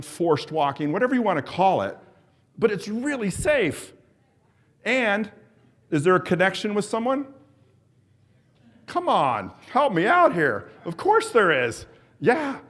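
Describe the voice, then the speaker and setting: High-voiced enthusiastic man coaching a group. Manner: enthusiastic, encouraging, coaxes the audience; calls out countdowns and cues to the group. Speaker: exercise coach presenting at a symposium. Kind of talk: live workshop presentation leading an exercise drill.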